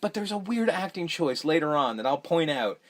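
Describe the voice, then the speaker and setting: A man's voice: fairly high pitch, big pitch swings, moderate pace. A young man hosting a podcast, recapping a movie in a rambling, profane, offhand way. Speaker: podcast host. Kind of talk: casual movie recap chat.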